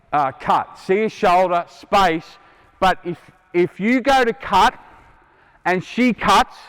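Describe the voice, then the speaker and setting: Middle-aged Australian male basketball coach, fairly high voice, blunt and wry, echoey gym. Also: a bit bright. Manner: quizzing players, blunt and joking. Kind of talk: on-court coaching clinic. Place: indoor basketball court. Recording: long hall reverb from a gym.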